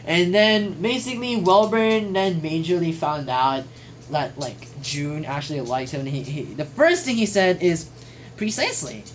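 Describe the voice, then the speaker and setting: A woman's voice: deep voice, lively intonation, moderate pace, a little hiss or hum, poor audio. A woman casually reading out and joking about lines from a class quote journal, chatty, rambling and swearing now and then. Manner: chatty, jokey, swears casually, trails off mid-sentence.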